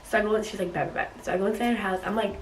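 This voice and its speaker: A young woman tells a story for her vlog, bouncing between voices as she quotes people. Her voice has a middle pitch. The sound is roomy and a little distant, with faint noise behind it. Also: rapid-fire. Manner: animated retelling, acts out quotes. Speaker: YouTuber.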